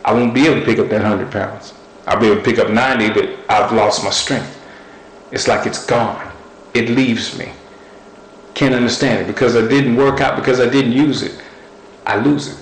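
A man's voice: medium pitch, fairly even intonation, normal speed, echoey room, poor audio. A man preaching a sermon, speaking earnestly and building his points through repetition.

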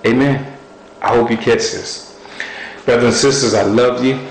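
A man's voice: mid-range voice, steady tone, normal speed. Man preaching, earnest, repetitive, roomy echo, faint hiss. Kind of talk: sermon.

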